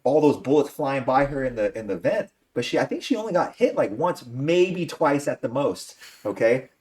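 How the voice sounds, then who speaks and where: Animated, ranting male podcast host. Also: medium pitch, normal speed. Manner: ranting, profane, exasperated. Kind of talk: casual movie review chat.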